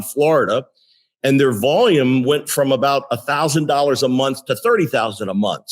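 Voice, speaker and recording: A man in his sixties, a company CEO, telling career stories in a relaxed interview, with frequent restarts and fillers. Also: medium pitch. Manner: animated storyteller with many restarts. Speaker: guest, tech company CEO. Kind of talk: casual interview storytelling.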